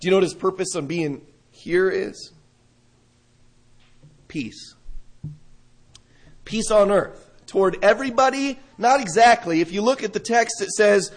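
A man's voice: high-pitched, unhurried, long pauses. A man preaching a sermon. He reads scripture aloud, explains it in a conversational way with rhetorical questions, and stresses key words.

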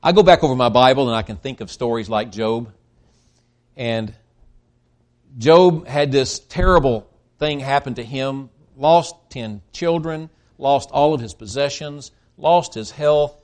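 A man preaching a sermon, emphatic and swinging between loud stresses and quiet drops, with frequent restarts. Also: mid-range voice, measured pace. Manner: emphatic, rising and dropping in volume, with restarts.

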